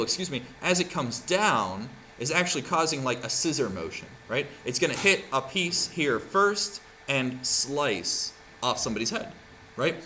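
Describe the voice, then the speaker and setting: A man's voice: a little high, bright, forceful tone, a little hiss or hum. A man teaching a craft class in a casual, chatty way, often checking in with "right?" as he demonstrates. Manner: chatty, keeps asking "right?". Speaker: art teacher.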